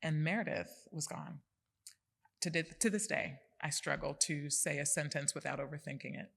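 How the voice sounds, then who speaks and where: A woman's voice: low-pitched, moderate pace, vocal fry, a bit bright, husky. A woman in her forties, a podcast guest, telling a personal story in an earnest, emphatic way.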